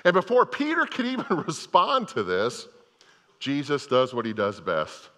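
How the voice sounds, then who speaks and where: A man's voice: medium pitch, wildly swooping pitch, a little slow, bright, forceful tone, long reverb tail. An older man preaching a sermon, telling a parable as a story and often restarting his phrases. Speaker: pastor.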